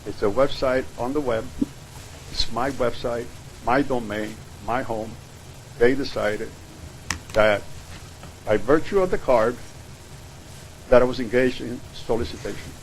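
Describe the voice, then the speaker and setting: A man's voice: mid-range voice, unhurried, long pauses, slight background noise, low-quality recording. Aggrieved man testifying at a hearing. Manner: aggrieved, insistent. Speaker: public commenter. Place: hearing room.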